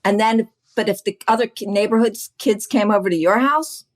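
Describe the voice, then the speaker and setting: A woman business coach talking as a podcast guest, chatty and animated, often laughing and acting out what other people say. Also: medium pitch, normal speed. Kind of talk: casual chat.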